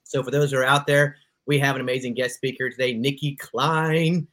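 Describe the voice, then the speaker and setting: A man's voice: mid-range voice, fairly even intonation, brisk, a bit bright. A man co-hosting a podcast in casual chat, enthusiastic and easily sidetracked as he welcomes a guest. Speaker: podcast co-host.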